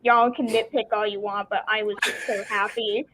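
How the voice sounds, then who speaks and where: A woman on a video call, chatting casually as a panelist and gushing with excitement. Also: medium pitch, moderate pace, background noise. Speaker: co-host panelist. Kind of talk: casual chat. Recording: tinny phone-like call audio.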